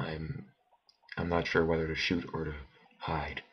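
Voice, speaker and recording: Low-voiced slow male gamer, muttering let's play commentary, dull lo-fi home mic. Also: little pitch movement, breathy edge. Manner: muttering to himself, bursts of alarm at enemies. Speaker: gameplay commentator.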